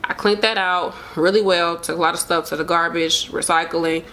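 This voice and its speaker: A young woman gives a casual pregnancy update to camera, open and emotional, rambling with frequent fillers, over slight background noise. Her lowish voice is bright and forceful, with fairly even intonation at a moderate pace.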